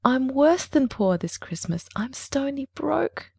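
A woman's voice: mid-range voice, big pitch swings, brisk, gravelly, a little mellow, no echo, clean studio sound. A woman reading a story aloud, voicing a dramatic seventeen-year-old girl who talks dolefully and eagerly.

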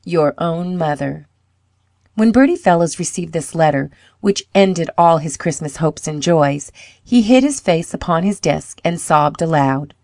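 A woman reading a children's storybook aloud, clear and measured. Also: sits low, animated, darkish tone, no room sound, clean studio sound.

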